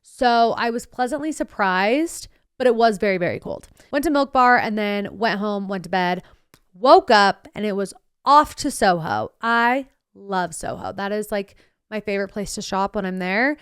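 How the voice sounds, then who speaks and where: Young woman podcaster yapping about her trip, sarcastic n bubbly, smooth clear voice, super dry. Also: mid-range voice, moderate pace, no echo. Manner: sarcastic, bubbly, quotes herself in animated voices. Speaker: podcast host. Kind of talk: casual storytelling monologue.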